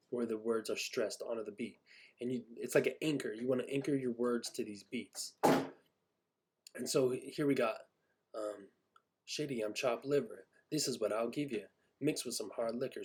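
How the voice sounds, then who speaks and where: A man's voice: mid-range voice, darkish tone, a little hiss or hum. A man casually breaking down a song's lyrics, talking with many fillers and restarts and some swearing. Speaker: music lyric tutor. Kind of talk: casual screen-share lesson. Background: a baby heard at times.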